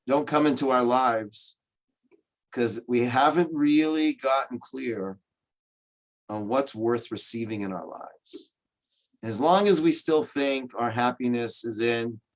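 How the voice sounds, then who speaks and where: A man gives a humorous storytelling lecture over a video call. His voice sits in an ordinary middle range, and he keeps it light with jokes and playful asides. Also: medium pitch. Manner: joking, animated storyteller.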